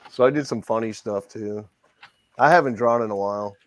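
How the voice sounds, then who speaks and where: A man in casual chat, laid-back, his sentences trailing off quietly. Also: on the low side, fairly quick.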